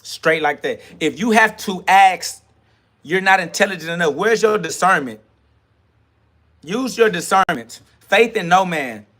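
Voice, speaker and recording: A man hosts a livestream rant. His voice sits a bit high and sounds tense and forceful, and he talks in a confrontational, preachy way, full of profanity. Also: expressive, unhurried. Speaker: podcast host. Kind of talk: livestream self-talk rant.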